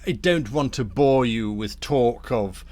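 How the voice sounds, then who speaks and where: A man voicing a smooth, polite devil who offers scheming deals in a tabletop game. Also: medium pitch, slow pace, darkish tone, lightly acted. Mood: persuasive. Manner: polite, silky, persuasive.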